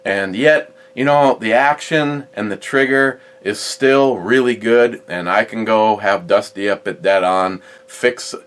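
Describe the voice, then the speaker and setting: A man's voice: fairly low pitch, a little slow, hardly any pauses, fairly bright tone. A middle-aged man hosting a gun channel, chatting casually and rambling with many fillers and restarts. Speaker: host of a gun review channel. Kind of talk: casual chat about his collection.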